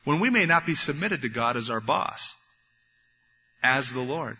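A man preaching a sermon, animated, acting out the voices of biblical figures as he goes. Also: mid-range voice, a little slow, husky. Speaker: pastor. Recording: dull lo-fi recording in a reverberant hall.

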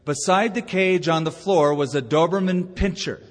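A man's voice: on the high side, normal speed. Man preaching in a reverberant hall. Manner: storytelling preacher, rising to emphatic delivery. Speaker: pastor. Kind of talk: sermon. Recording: long reverb of a church hall.

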